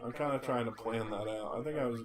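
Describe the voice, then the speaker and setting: A man's voice: medium pitch, fast, crowd noise. A man hosting a video game playthrough, commenting casually with dry jokes. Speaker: host. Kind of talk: casual let's-play commentary.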